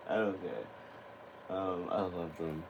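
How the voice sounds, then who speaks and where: Excitable young man with a lowish voice. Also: heavy background noise. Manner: excitable, laughs often, swears casually. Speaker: tarot reader hosting a spiritual channel. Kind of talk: casual chat to camera.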